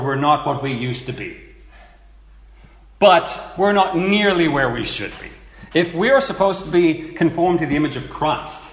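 A man preaching a sermon in a slow, teaching manner, repeating phrases for emphasis. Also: medium pitch, echoey room.

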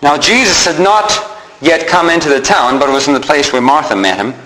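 A man's voice: fairly high pitch, normal speed, pushed and bright. A man preaching a sermon, reading scripture aloud and acting out the mourners' words. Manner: reads scripture aloud and acts out the mourners' lines. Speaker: pastor. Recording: echoey room with faint noise.

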